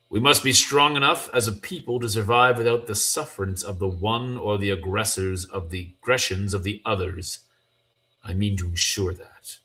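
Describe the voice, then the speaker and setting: A man's voice: on the low side, fairly bright tone. A man reading aloud as a solemn, commanding mutant leader, declaiming his lines. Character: grave commanding male mutant leader, older.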